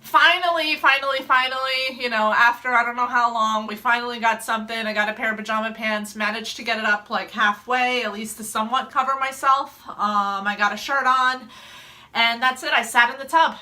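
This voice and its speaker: A young adult woman telling a personal story in a casual vlog, animated and laughing often as she acts out her own quotes. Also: fairly high pitch, fairly quick. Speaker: mom vlogger telling a story.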